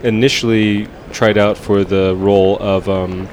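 Low-voiced man hosting a sarcastic chat. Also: level tone, a little slow, a little mellow, slight background noise. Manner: teasing, sarcastic banter. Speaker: podcast host. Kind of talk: casual movie review chat.

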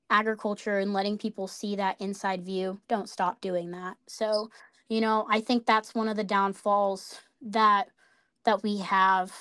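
Earnest woman from Idaho, flat, clear voice. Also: medium pitch, no echo, clean studio sound. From Idaho, USA. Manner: earnest, speaks up for farming. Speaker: podcast guest. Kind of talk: casual interview talk.

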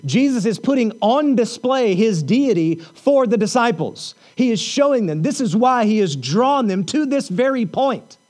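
A man with a high voice preaches a sermon to his congregation. He talks earnestly, repeats phrases for emphasis, and reads scripture aloud between his points. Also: animated, normal speed, few pauses, a little mellow. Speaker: pastor.

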